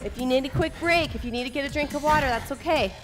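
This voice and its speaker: A woman's voice: high-pitched, quick pace. A woman leading a follow-along workout, coaching with upbeat encouragement while getting out of breath. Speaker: fitness instructor. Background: workout music.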